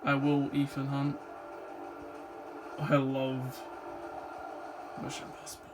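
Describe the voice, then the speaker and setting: A man's voice: medium pitch, monotone, takes it slowly, noisy background. A young man vlogging in a casual, rambling way, with lots of fillers and restarts as he talks about films he loves. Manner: rambling, full of "like" and "um", enthusiastic. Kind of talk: casual movie chat.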